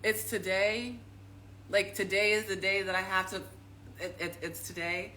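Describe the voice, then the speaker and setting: A panicked man stammering and begging for more time, played by a woman. The voice is quieter than her usual talk, pleading and unsteady. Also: medium pitch, fairly even intonation, unhurried, slight background noise, low-quality recording.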